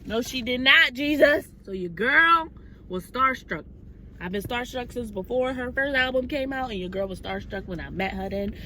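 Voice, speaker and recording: Excited bright-voiced woman vlogger. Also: a little high, moderate pace, slight background noise. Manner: excited, animated retelling with quoted asides. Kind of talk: casual storytime vlog.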